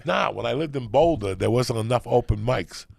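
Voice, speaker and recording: A man's voice: mid-range voice, expressive, normal speed, creaky, darkish tone, a little hiss or hum. A man telling profane stories on a comedy podcast and acting out the people in them. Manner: profane, acts out voices in stories. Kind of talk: storytelling on a podcast.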